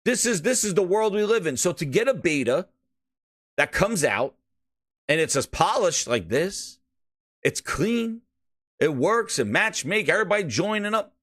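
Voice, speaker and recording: A man with a New York accent, hosting a casual gaming show, with hype-man shouting and loose, rambling talk that repeats itself. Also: sits high, big pitch swings, measured pace, dry recording, clean studio sound. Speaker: podcast host.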